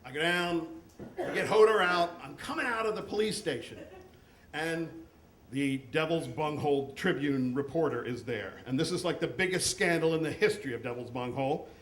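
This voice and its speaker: A man from the United States telling a comic personal story on stage with a deadpan, profane delivery. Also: a little high, normal speed. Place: stage at a live storytelling event. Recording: echoey room, faint background noise.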